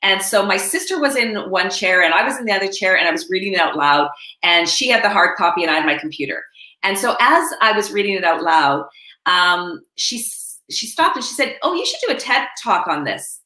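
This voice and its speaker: Animated, laughing woman storyteller. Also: medium pitch, a little fast, roomy sound. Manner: laughing, animated anecdotes with acted quotes. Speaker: intuitive coach and author, interview guest. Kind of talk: storytelling in a live interview.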